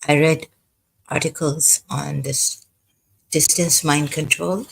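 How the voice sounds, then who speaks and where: A frightened vlogger, telling a personal story in a hesitant, halting way full of pauses and false starts. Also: medium pitch, level tone, gravelly, slightly rough, poor audio. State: frightened, unsettled. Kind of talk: personal confessional monologue.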